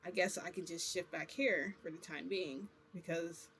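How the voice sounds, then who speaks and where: A woman's voice: lowish voice, fairly even intonation, moderate pace, a bit bright, a little hiss or hum. Chatty woman rambling through a story. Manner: rambling, chatty, many fillers. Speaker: vlogger. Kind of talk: casual confessional storytelling.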